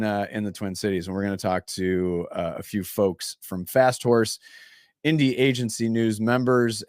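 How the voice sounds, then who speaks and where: Upbeat host guy from minnesota, kinda low voice, dry and close, chatty plugs for the show. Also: dry recording. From Minnesota, USA. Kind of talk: casual livestream show intro.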